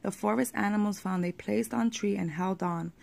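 Reading aloud from a children's picture book, a woman keeps a steady, moderate pace with occasional small slips. Her medium-pitched voice is creaky.

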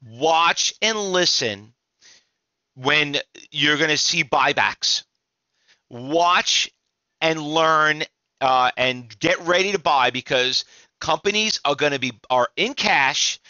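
A man's voice: fairly high pitch, slow, pushed and bright, no echo, muffled recording. Tired, rambling man. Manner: rambling, restarts often, emphatic. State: exhausted. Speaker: trading instructor. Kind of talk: casual market commentary to viewers.

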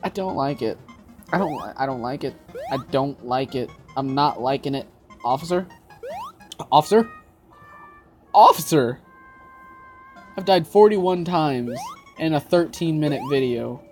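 A woman's voice: extremely low pitch, lively intonation, normal speed, mellow, soft background music. A woman doing casual let's-play commentary, exasperated, swearing a lot and talking to herself as she plays. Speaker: gaming video creator.

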